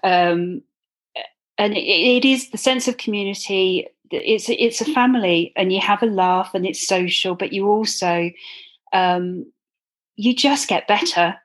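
A woman's voice: mid-range voice, a little slow. A woman guest telling her running story in a chatty, earnest way, with many ums. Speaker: guest, club runner. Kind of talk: casual interview.

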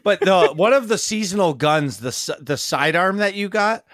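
A man's voice: high-pitched, animated, moderate pace, fairly bright tone, no room sound, studio quality. A man in his thirties co-hosting a podcast, chatting casually in a rambling, enthusiastic and joking way. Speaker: podcast co-host. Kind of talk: casual chat.

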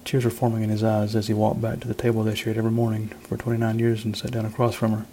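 A man, an author, reading his short story aloud in a measured, even manner. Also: fairly low pitch, slight background noise, rough recording.

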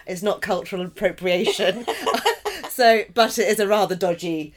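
A woman's voice: mid-range voice, moderate pace, a little hiss or hum. A woman stage actor chatting in an interview, laughing often and poking fun at herself. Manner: chatty, laughing, self-deprecating. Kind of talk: casual interview.

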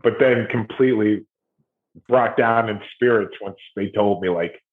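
A man's voice: on the low side, a little slow. A man from Ohio, a guest musician, telling stories in a loose, rambling way during a casual interview. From Ohio, USA. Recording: tinny phone-like line.

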